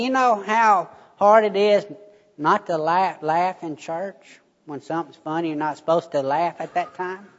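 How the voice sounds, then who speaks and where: Slow pastor in a reverberant church. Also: male voice, high voice. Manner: folksy storytelling, addresses congregation. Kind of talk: sermon. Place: church sanctuary. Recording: muffled sound, long church reverb.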